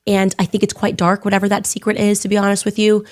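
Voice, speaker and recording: A woman's voice: mid-range voice, completely flat delivery, fast talker. A woman podcast host speaking in an earnest, confiding, conspiratorial tone. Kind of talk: podcast monologue.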